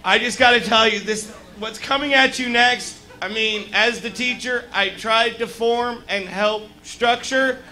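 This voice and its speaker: A man emceeing at a comedy club with an American accent, hyped and shouting over the crowd as he introduces the last comic. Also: very high-pitched, measured pace, few pauses, low-quality recording. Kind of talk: stage introduction. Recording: live club recording with crowd and noise. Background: audience.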